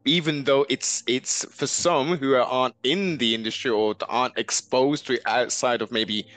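A man hosting a casual interview, speaking haltingly with repeated words and somewhat formal phrasing. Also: medium pitch, fairly even intonation, fairly bright tone, dry recording. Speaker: podcast host.

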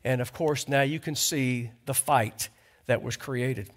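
A pastor preaching a conversational sermon in a church, asking the congregation rhetorical questions. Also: male voice, mid-range voice, fairly even intonation, a little slow. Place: church sanctuary.

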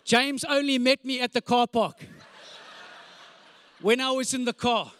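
A man in his forties, a pastor preaching with animated, comic storytelling, sound effects and repeated phrases. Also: very high voice, unhurried. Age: 40s. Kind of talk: storytelling sermon.

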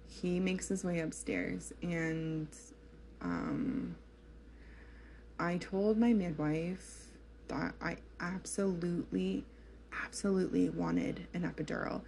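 A young woman tells her viewers a personal story to camera, chatty and candid, with lots of fillers and laughter. Her voice is fairly low, gravelly, and warm, with a little hiss or hum in the recording.

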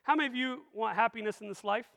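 High-voiced pastor guy, pumped up, keeps asking the crowd questions, big echoey church. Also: fast. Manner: energetic, full of rhetorical questions to the congregation. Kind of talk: sermon. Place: church sanctuary. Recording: long reverb of a large hall.

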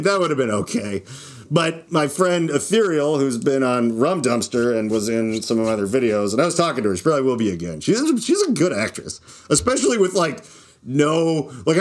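A man hosting his own show, a stand-up comic talking in a casual, rambling monologue, restarting sentences and laughing at his own jokes. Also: mid-range voice. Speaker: podcast host and stand-up comic.

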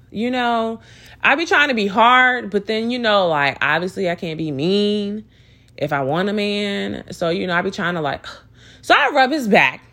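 Lively, foul-mouthed young woman ranting. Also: medium pitch, measured pace. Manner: animated, profane, exasperated storytelling full of "like" and "you know". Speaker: vlogger telling a dating story. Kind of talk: casual storytime rant.

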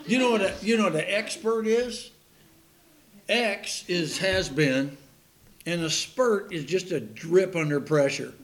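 A man's voice: high-pitched, measured pace, fairly bright tone. A man preaching a sermon in a folksy, joking way, laughing at his own puns and stories.

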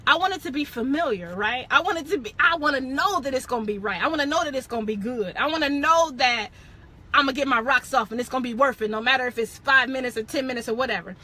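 Her voice sits high and sounds pushed and bright, and she talks quickly. The young podcast host laughs a lot while relating a candid faith testimony in a casual chat, often halting to correct and backtrack.

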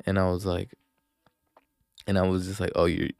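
A man's voice: deep voice, completely flat delivery, normal speed, vocal fry, darkish tone, dry recording. A young man hosting a podcast, telling a story in a rambling, profane way full of filler words. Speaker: podcast host. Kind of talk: casual chat. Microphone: handheld microphone.

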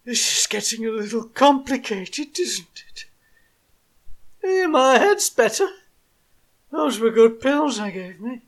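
A woman's voice: fairly high pitch, very animated, slow, long pauses, heavily acted. A woman voicing an exasperated, adulterous man who is weary and sardonic, in an amateur audio drama. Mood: wry.

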